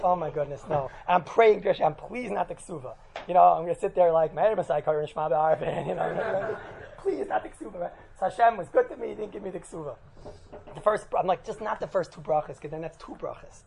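A man's voice: sits high, creaky, darkish tone, rough recording. An American man, a rabbi, telling a funny story to his congregation in a chatty way, often checking in with "right?" and laughing at his own jokes. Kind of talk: humorous storytelling talk to a congregation.

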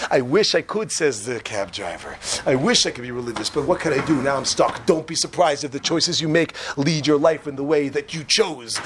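A man with a high, bright voice rushes through a religious lesson, jumping into the voices of the people he quotes. He keeps throwing questions at the students in the room, with a faint hum underneath. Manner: animated, quick, acts out quotes and quizzes listeners. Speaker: religious teacher. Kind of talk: Torah class to students.

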